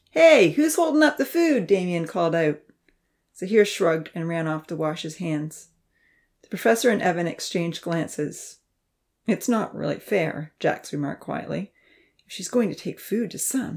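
A woman narrating a children's story aloud, softly voicing the characters and dropping to near-whispers for hushed asides. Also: on the low side. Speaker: audiobook narrator. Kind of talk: scripted narration with character dialogue.

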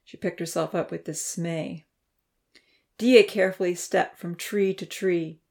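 Woman narrator, lowish voice, steady storybook reading, measured. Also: creaky. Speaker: audiobook narrator.

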